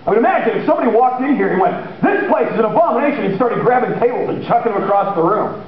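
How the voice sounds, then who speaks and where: High-voiced man preaching in an echoey church. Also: quick pace. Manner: casual, animated storytelling with acted-out voices. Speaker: pastor. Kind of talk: sermon. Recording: echoey room, dull lo-fi sound, faint hiss.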